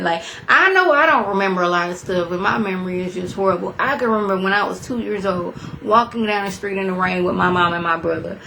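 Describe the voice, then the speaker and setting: A woman in her thirties chattily recapping a TV episode to her viewers, acting out quotes in a high voice. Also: quick pace, creaky, few pauses, slight background noise. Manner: animated storyteller, acts out quotes in a high voice; chatty, talks straight to viewers. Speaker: TV review vlogger.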